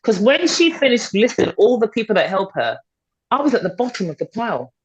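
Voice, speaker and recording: A middle-aged woman talks as a podcast guest, pressing her points home with repetition and a lot of swing in her pitch. Her voice has a breathy, husky edge. The recording sounds a little dull and lo-fi. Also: big pitch swings, fairly quick. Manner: emphatic and persuasive, repeats points for stress. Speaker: guest, fitness and confidence coach. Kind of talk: motivational conversational talk. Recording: dull, slightly lo-fi podcast audio.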